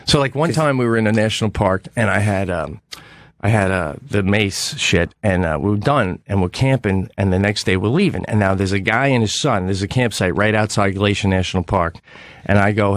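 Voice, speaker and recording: A man's voice: on the low side, fairly quick, dry recording, clean studio sound. A man telling a long camping story in casual, profane talk on a radio show, acting out the people in it. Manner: animated, profane anecdote telling with quoted voices.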